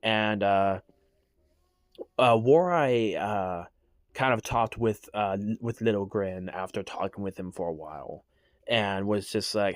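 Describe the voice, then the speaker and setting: A man's voice: fairly low pitch, measured pace, dry recording, clean studio sound. A man casually explaining his characters' story, hesitant and full of restarts. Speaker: creator telling his character lore.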